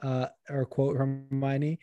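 A man's voice: mid-range voice, slow, no room sound, lo-fi sound, soft background music. Rambling, profane man chatting on a podcast. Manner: rambling, profane, animated, puts on regional accents. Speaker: podcast co-host. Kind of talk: casual chat.

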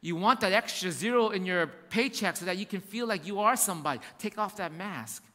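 Pastor guy preaching, kinda high voice, repeats himself for emphasis, talks right to the congregation. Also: a little fast, pushed and bright, long reverb tail. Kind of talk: sermon.

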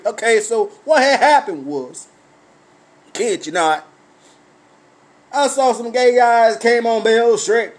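High-voiced man in a profane rant. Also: slow, pauses often. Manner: swears constantly, blunt and animated; breaks into laughs while telling a story. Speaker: storyteller.

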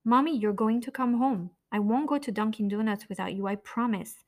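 A woman's voice: on the high side, a little fast, darkish tone, close to an everyday voice. A woman voicing a young girl who speaks to her mother in an earnest, sweet way.

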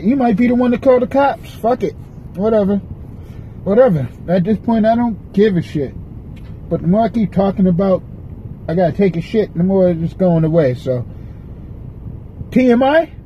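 A podcast host with a high-sitting voice vents from his car in a parking lot, rambling, restless, and cursing. The audio is dull, with a little hiss or hum.

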